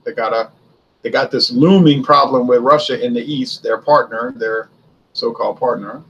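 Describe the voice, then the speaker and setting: Husky-voiced man musing on history. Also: medium pitch, normal speed, a bit bright, poor audio. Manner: conversational, poses and answers his own rhetorical questions. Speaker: history video host. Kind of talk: casual spoken history commentary.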